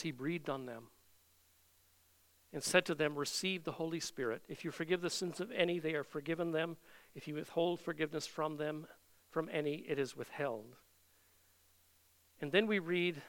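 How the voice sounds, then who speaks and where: A man preaching an expository sermon, reading scripture aloud earnestly and slowing down to stress the quoted words. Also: fairly high pitch, a bit bright, smooth.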